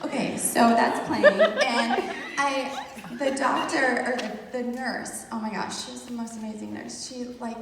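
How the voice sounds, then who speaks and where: A woman's voice: on the high side, a little slow, gravelly, very echoey, in a large hall, recorded from a distance, noisy background. A woman casually telling a group the story of her birth, with frequent laughter. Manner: animated, laughs often, addresses listeners as "you guys". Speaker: speaker sharing a birth testimony.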